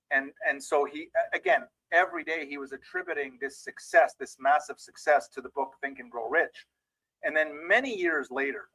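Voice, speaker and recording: A man's voice: on the high side, creaky, pushed and bright, dry recording, rough recording. A man giving a motivational training talk as a mindset trainer, telling a story and speaking directly to his listeners.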